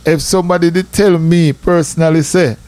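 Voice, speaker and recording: A middle-aged man with a Jamaican accent, telling stories in a lively, chatty way as a radio host. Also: fairly high pitch, fairly quick. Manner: lively, chatty, full of asides like "I tell you, man". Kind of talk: casual storytelling on radio.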